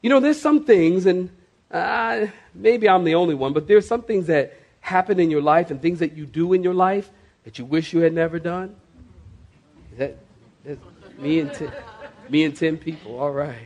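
A man preaching a sermon to a congregation in a church, slowing down sharply to stress key phrases and rising in emphatic bursts. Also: on the high side, a little mellow, slight background noise. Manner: preaching with dramatic slowdowns and sudden rises. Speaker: pastor. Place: church sanctuary.

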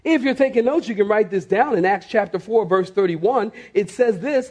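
Animated high-voiced male pastor preaching. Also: moderate pace, few pauses. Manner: animated, acts out scenes with mock voices, repeats phrases. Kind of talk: sermon.

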